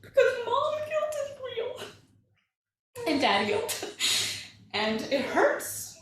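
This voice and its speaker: A woman's voice: extremely high pitch, huge pitch swings, slow pace, recorded from a distance. Woman speaking in an echoey hall. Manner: candid, conversational, emotional at moments. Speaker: parenting coach. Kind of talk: talk to a live audience. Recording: echoey room, mic from afar.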